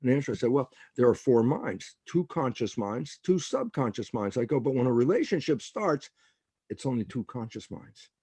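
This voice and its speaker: A man's voice: medium pitch, very animated, moderate pace, dark tone, husky, no echo. An older man, a guest biologist on a podcast interview, telling stories with animation and acting out quoted dialogue. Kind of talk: interview conversation.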